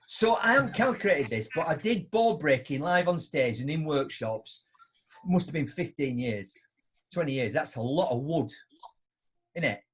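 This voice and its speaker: A middle-aged man spins a story to his live online audience. His husky voice swings up and down as he acts out both sides of the exchange. He sits a little higher than most men and keeps tagging his lines with a quick "right?". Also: animated. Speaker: host.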